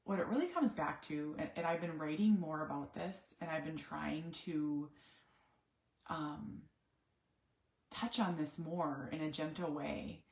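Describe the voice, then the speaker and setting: A woman's voice: low-pitched, measured pace, roomy sound. A middle-aged woman, a mother of an autistic son, talking candidly in a personal vlog, reflective and searching for words with many restarts.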